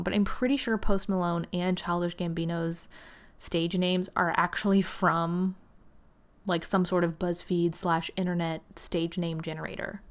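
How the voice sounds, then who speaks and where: Young female gaming host, casual rambling commentary with lots of fillers, lowish and gravelly. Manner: chatty and rambling, with frequent "like" and "um" and some laughter.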